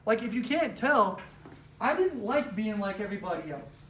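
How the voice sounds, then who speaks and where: A woman tells a story at a business training in an animated, casual way, full of fillers. Her voice echoes around a large room, picked up from a distance with faint noise underneath. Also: medium pitch, moderate pace. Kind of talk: motivational storytelling talk. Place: event room with a live audience. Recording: roomy, distant mic, faint background noise.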